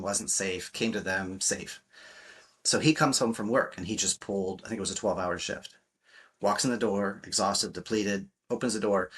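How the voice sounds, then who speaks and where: Male coach, podcast guest; low, husky, forceful delivery, blunt and profane. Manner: emphatic, blunt, swears freely, acts out quotes. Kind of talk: podcast interview talk.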